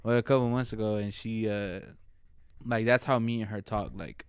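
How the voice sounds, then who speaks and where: A man's voice: on the low side, steady tone, moderate pace, smooth, no echo. A young man co-hosting a casual podcast on an outdoor patio, telling slangy, rambling stories full of fillers. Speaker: podcast co-host. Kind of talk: casual chat.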